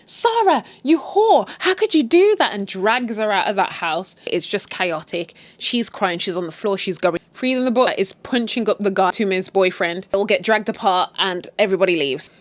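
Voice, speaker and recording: A woman's voice: medium pitch, moderate pace, hardly any pauses, no echo. A young adult woman casually retelling a drama series in a chatty, gossipy way, swearing freely. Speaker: recap host.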